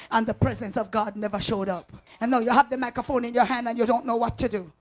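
A woman preacher delivering a fervent sermon, calling out to the congregation and swinging from quiet talk to shouting. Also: fairly even intonation, brisk. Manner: call-and-response, swings from low talk to shouting.

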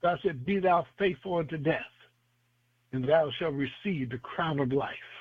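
A man's voice: on the high side, a little slow, slightly rough, no echo. A man preaching a radio sermon with fervent, rhythmic phrasing, repeating lines and quoting scripture. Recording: tinny phone-line sound.

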